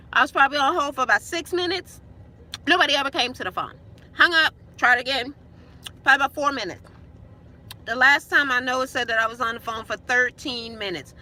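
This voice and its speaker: Sitting in her parked car and recording on her phone, a female vlogger vents through a heated, blunt, profane story. Her high voice is expressive, pushed and bright, and a little fast.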